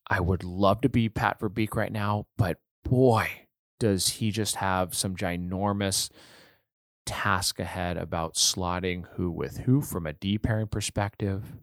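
A man's voice: deep voice, no room sound, studio quality. A man hosting a casual hockey podcast, an enthusiastic fan who rambles and restarts his sentences. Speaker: podcast host.

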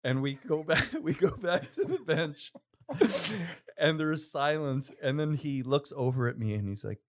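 A man's voice: a little high, animated, measured pace. A man guest telling stories in a casual interview, laughing often, repeating himself and teasing. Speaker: former player, guest.

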